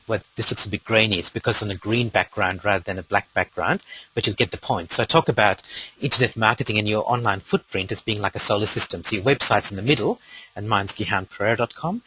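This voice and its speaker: Man, Australian accent, webinar presenter, conversational, low husky voice. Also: sharp tone, no echo, low-quality recording. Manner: conversational, explains step by step with fillers. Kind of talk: live webinar teaching.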